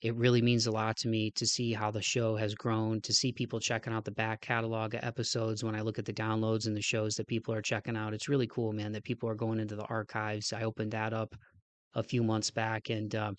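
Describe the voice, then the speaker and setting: A man's voice: fairly low pitch, completely flat delivery, fairly quick, dry recording. A man hosting a podcast, a casual outro, with a nasal, stuffed-up voice, a little out of breath, talking in an earnest, rambling way and often adding "man.". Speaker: podcast host.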